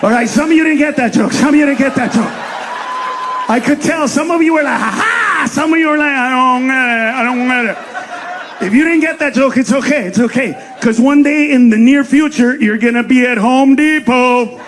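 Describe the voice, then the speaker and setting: A middle-aged man doing live stand-up comedy, loud and profane, acting out characters with shouted punchlines. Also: very high voice, fairly quick, crowd noise, noisy background.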